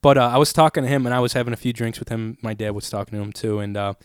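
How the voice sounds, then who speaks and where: A young man in casual chat, telling rambling, animated stories full of fillers and swearing. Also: medium pitch, racing, clean tone, dry recording, studio quality.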